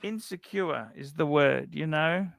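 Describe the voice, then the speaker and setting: A man's voice: fairly high pitch, measured pace, vocal fry, a bit bright, no echo. A man chatting casually on a livestream as co-host, blunt, crude and self-mocking.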